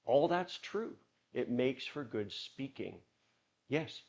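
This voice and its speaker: Animated man leading a church workshop. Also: mid-range voice, takes it slowly, muffled recording. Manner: animated, acts out examples in put-on voices. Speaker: workshop leader. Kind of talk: workshop talk to a church audience.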